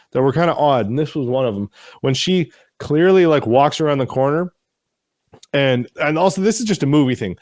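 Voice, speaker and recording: A man co-hosting a casual recap chat, retelling each scene with animated, mocking voices for the characters. His pitch sits in a middling range, and his swearing comes out offhand. The sound is dry and close, with no room echo. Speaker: podcast co-host.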